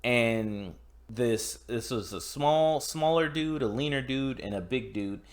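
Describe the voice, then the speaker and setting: A man co-hosting a podcast tells a film's story in relaxed chat. His delivery is animated and full of swearing. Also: mid-range voice, slow. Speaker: podcast co-host. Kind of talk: casual chat recapping a film.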